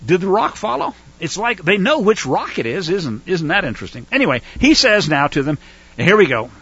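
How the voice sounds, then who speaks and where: A man teaching scripture in a casual, animated way, his pitch leaping high and swooping back down. His voice is bright and a little husky. The recording sounds dull and lo-fi. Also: fairly quick. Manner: animated, acts out whining voices. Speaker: Torah teacher. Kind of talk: casual Bible study teaching.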